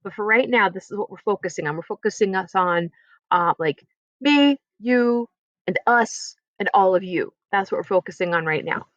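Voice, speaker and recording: A woman's voice: mid-range voice, lively intonation, normal speed, fairly bright tone, no echo, highs cut off. Patient woman teaching a French lesson. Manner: patient, encouraging, explains step by step. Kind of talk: recorded online class lesson.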